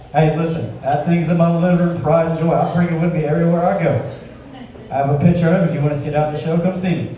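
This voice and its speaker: On a club stage, a Georgia man does a self-deprecating stand-up set, spinning conversational stories in a mellow voice on the high side. It's recorded from a distance in an echoey club, with audience sounds and slight background noise.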